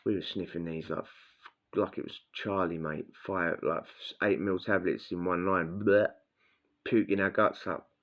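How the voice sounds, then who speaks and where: A man's voice: deep voice, fairly even intonation, a little slow, fairly bright tone. A man telling a blunt, crude prison story in casual slang, acting out what people said. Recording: dull lo-fi sound.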